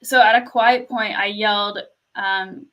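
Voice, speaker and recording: Young canadian woman chatting, quiet voice, kinda high and bright, lots of like. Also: moderate pace, poor audio. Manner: soft-spoken storyteller, lots of "like" and laughs. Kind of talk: casual chat.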